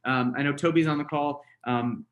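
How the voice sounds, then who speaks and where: A man's voice: fairly high pitch, fairly even intonation, moderate pace. An American man, a real estate trainer, talks casually through a webinar, coaching with many fillers and "right?" tags. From United States. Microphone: webinar call mic.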